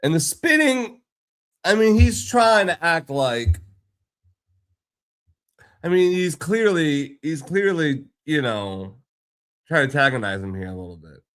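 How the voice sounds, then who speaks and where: A man's voice: on the high side, very animated, a little slow, pauses often, fairly bright tone. A man hosting a reaction video, talking loosely with lots of fillers and restarts as he comments on a clip. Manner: rambling, full of fillers and restarts. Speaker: commentary host.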